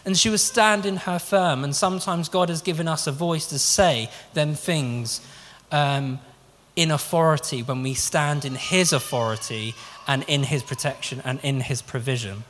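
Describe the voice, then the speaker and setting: A man's voice: a little high, moderate pace, a bit bright, slight background noise. A man preaching a sermon in an earnest, conversational way, often restarting his sentences. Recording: long reverb of a large hall.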